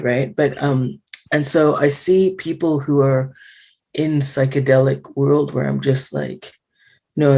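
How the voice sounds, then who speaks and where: A woman speaking in a casual panel discussion, frank and animated, with lots of fillers, over a video call. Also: extremely low pitch, gravelly. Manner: animated, frank, full of fillers and acted-out quotes.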